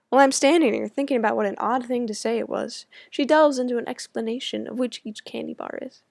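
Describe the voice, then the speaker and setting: A woman's voice: a little high, fast, gravelly, few pauses, darkish tone, no echo, clean studio sound. A young American woman from the States reading her own personal essay aloud with wry, self-mocking humor. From United States. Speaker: student writer.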